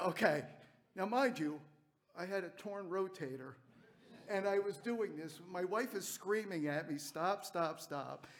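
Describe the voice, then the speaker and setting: High-voiced man telling fond stories. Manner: rambling, fond storytelling with laughs. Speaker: church member giving a eulogy. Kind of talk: memorial speech with anecdotes.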